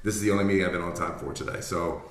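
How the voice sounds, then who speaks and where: A man's voice: sits low, fairly even intonation, racing, roomy sound, slight background noise. A man leading a book club over an online call, chatting casually in a rambling, apologetic, self-deprecating way. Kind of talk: casual chat.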